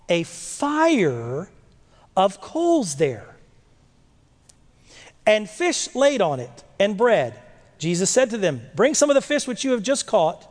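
Animated high-voiced male preacher in a hall. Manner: animated, rhetorical questions, dramatic slow readings. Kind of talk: sermon reading and explaining scripture. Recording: long echo of a large hall.

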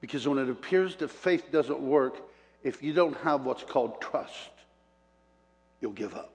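In a mid-range, slightly mellow voice with lively intonation, the man preaches at a measured pace. Personal stories fill the sermon, along with chuckles between points and acted-out quotes, and long hall reverb surrounds it all.

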